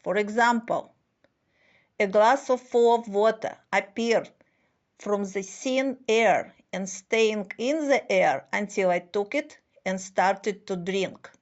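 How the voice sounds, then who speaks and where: Woman, spiritual speaker, unhurried and halting delivery, muffled lo-fi recording. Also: medium pitch. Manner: slow, deliberate, halting phrasing with non-native grammar. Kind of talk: slow scripted monologue.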